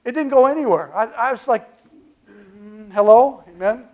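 A man preaching as pastor, telling folksy stories with call-and-response asides and swinging from quiet remarks to loud bursts. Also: extremely high pitch, moderate pace. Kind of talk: sermon.

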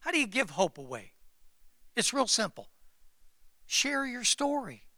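A man preaching a sermon as pastor, emphatic and repetitive, calling out to the congregation and swinging between loud exclamations and hushed confiding. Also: very high-pitched, big pitch swings, unhurried, dry recording, studio quality. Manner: repeats phrases and calls out to the congregation.

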